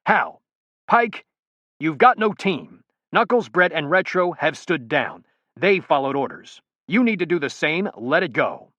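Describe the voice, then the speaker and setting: A gruff male commander barks clipped orders at his operative, as a man puts him on for an audiobook. He sits higher and louder than the reader's own voice. His tone is sharp and tense, close and dry. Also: animated, a little fast, no room sound, muffled recording. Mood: exasperated. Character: gruff male task force commander, urgent and firm.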